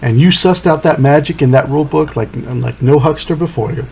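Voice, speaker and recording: A man's voice: a little high, brisk, vocal fry, a little mellow, a little hiss or hum. A man voicing a sinister older mother who speaks in a drawling, coaxing way. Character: sweet-talking sinister older mother, a witch.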